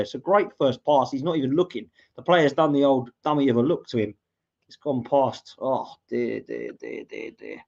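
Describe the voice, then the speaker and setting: Excitable English fan commentating live, dull mic. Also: male voice, fairly high pitch. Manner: excitable, shouts at goals, reads out viewer comments. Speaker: podcast host doing a live watchalong.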